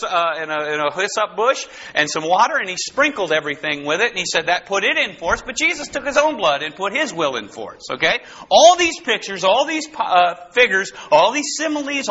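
A man preaching an expository sermon, emphatic and animated, repeating key phrases. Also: fairly high pitch, husky. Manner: animated, emphatic repetition with rising bursts. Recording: dull lo-fi recording.

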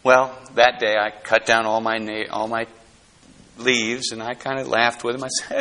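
A middle-aged male pastor delivers a sermon with a bright, forward tone. He keeps it conversational and folksy, throwing questions to the room and breaking into easy laughs. His pitch sits right in the middle for a man. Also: flat delivery, moderate pace.

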